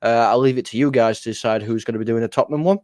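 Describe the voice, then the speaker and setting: A man's voice: medium pitch, very fast, a little mellow, dry recording. Blunt argumentative man on a dry mic. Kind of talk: casual watchalong banter.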